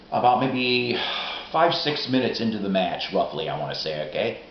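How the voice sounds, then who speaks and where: A middle-aged man telling rambling, profane, excitable stories in a casual vlog monologue. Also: medium pitch, normal speed, a little hiss or hum. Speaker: vlogger. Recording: roomy, dull lo-fi recording.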